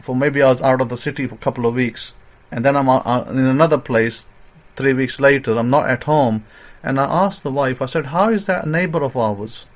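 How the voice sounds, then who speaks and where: A male religious teacher speaking at a middle pitch, telling a long story in sermon style. He rambles, circles back and restarts his phrases. The recording is dull and lo-fi. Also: fairly quick. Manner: rambling, many fillers and restarts.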